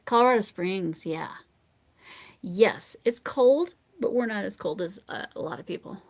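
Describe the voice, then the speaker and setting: An American woman hosting a livestream, chatting casually with viewers and reading their comments. She rambles and drifts into soft mumbled asides. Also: mid-range voice, animated, unhurried. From United States. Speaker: livestream host.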